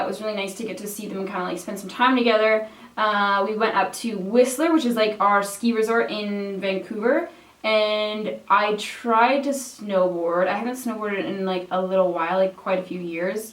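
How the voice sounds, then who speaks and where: A woman's voice: mid-range voice, far from the mic. A young Canadian woman in her twenties chatting casually while doing her makeup, full of filler words and casual swearing. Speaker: beauty vlogger. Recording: roomy sound, mic set back.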